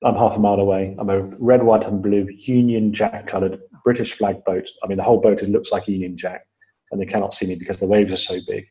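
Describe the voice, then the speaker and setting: A man with a low-set, warm and mellow voice, speaking as a podcast guest. He tells his story in a measured, step-by-step way, with plenty of "um"s. He repeats key phrases to stress them. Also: level tone, poor audio. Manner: measured, step-by-step retelling with frequent fillers. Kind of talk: storytelling in an interview.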